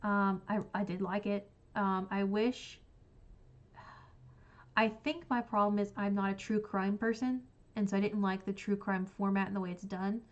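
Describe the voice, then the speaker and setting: A woman's voice: medium pitch, fairly even intonation, normal speed, muffled recording. A woman casually ranking books she has read on a stream, rambling with many fillers. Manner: rambling, frequent ums and likes. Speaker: book streamer. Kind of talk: casual book ranking chat.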